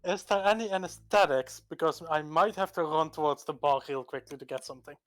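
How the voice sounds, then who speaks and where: A man's voice: on the high side, a little fast, faint music behind. A man playing a tabletop game, giving short joking replies in casual chat. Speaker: player.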